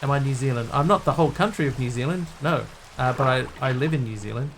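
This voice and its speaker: A man hosting a live game stream, speaking at a middle pitch. He muses aloud as he builds and chats loosely with his viewers. A faint wash of noise sits behind his voice. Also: quick pace. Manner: thinks aloud while building, answering viewers' chat.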